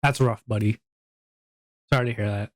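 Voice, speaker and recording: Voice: mid-range voice, fairly even intonation, moderate pace. A VTuber streamer in casual live-stream chat, joking around and reading viewers' messages aloud before answering them. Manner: playful, goofy, jokey banter.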